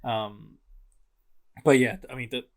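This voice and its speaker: A man co-hosting a casual movie review podcast, rambling and halting, full of fillers. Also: mid-range voice, fairly even intonation. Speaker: podcast co-host.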